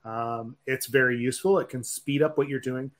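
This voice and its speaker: A man co-hosting a tech podcast, explaining in a measured way and often checking in with "right?". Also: medium pitch, fairly even intonation, fairly bright tone. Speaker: podcast co-host. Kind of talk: casual tech podcast chat.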